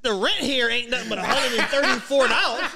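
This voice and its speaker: A podcast co-host with a lively, swooping delivery who drops quick wisecracks and laughs along with his partner. Loud crowd noise sits behind his voice. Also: extremely high pitch. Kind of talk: casual chat.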